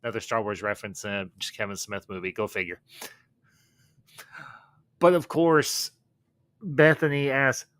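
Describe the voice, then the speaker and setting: A man's voice: on the low side, normal speed, long pauses, fairly bright tone, no echo. A man hosting a livestream, animatedly recapping a film scene by scene, laughing as he goes. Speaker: livestream host.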